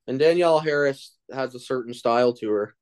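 A man's voice: mid-range voice, a little fast, clean tone. A man guesting on a podcast in casual chat, agreeable and mostly giving short replies.

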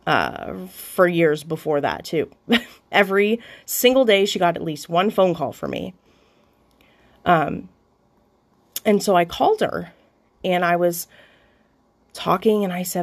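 A woman's voice: medium pitch, very animated. A young adult woman hosting a podcast, telling a personal story in a candid, confessional way, with restarts and occasional swearing. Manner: halting, with frequent restarts. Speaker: podcast host.

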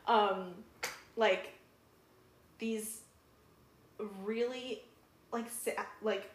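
A woman's voice: a little high, steady tone, drawn-out words, a little hiss or hum. A young woman co-hosting a podcast in casual, chatty talk, with frequent fillers and laughs. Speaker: podcast co-host. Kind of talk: casual chat. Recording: roomy echo.

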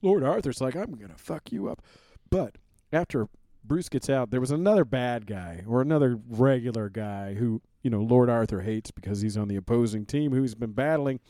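A man in a mid-range voice co-hosting a relaxed movie podcast. He retells the story loosely with plenty of swearing, and the sound is dry and close. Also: medium pitch, moderate pace, no room sound. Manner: retells the plot loosely, with swearing and acted-out lines. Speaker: podcast co-host. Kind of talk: casual movie-discussion chat.

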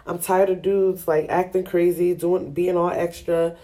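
A woman's voice: lowish voice, level tone, measured pace, mellow. A woman hosting a podcast, talking frankly and chattily to listeners in a sassy, laughing way. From Ghana. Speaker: podcast host. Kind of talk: candid solo podcast talk.

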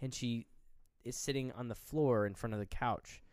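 A man co-hosting a podcast, retelling a horror film with lively, acted-out quotes and casual swearing. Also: mid-range voice, normal speed, smooth, dry recording, clean studio sound. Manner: animated retelling, acting out characters' lines; swears freely. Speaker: podcast co-host. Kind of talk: casual movie recap.

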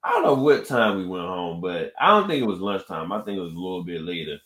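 A man co-hosting a podcast, telling a story in a casual, animated way and acting out the people in it. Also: deep voice, fast talker. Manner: animated storyteller, acts out quoted exchanges. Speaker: podcast co-host. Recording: roomy echo.

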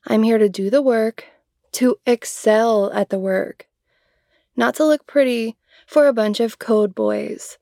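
A young woman voicing a blunt, sharp-tongued female computer science student who swears constantly and speaks proudly of her work. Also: a little high, steady tone, drawn-out words, vocal fry, long pauses, dry recording, clean studio sound, exaggerated voice. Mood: angry, indignant. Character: blunt, foul-mouthed young woman coder, fiery and proud. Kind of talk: adult audio role-play.

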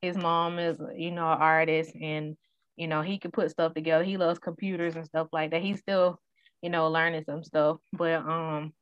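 Give me an animated woman telling stories, muffled and dry. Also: sits low, normal speed, smooth, no room sound. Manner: animated storyteller who acts out quotes. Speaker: guest sharing her story. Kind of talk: casual conversation. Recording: dull, dry sound.

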